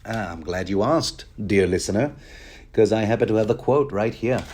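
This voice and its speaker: A man's voice: lowish voice, normal speed, darkish tone, slight background noise. A man giving a rambling, casual book commentary, wry and chatty with many asides.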